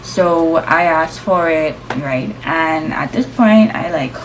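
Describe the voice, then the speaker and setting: A young woman vlogger and first-time mom telling her story casually to camera, lively and slangy. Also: low-pitched, slow. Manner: lively, acts out voices, slangy and chatty. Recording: steady background noise.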